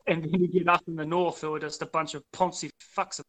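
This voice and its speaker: A man's voice: on the high side, little pitch movement, brisk, a bit bright. A young man with a New Zealand accent in a loose, profane casual chat, often repeating words as he restarts.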